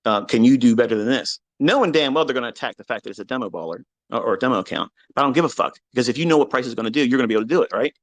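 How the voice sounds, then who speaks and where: A middle-aged man giving a heated, profane monologue on a live audio chat, combative and defiant, his voice dropping low and then bursting out loud. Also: lively intonation, rapid-fire, hardly any pauses. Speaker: trading educator.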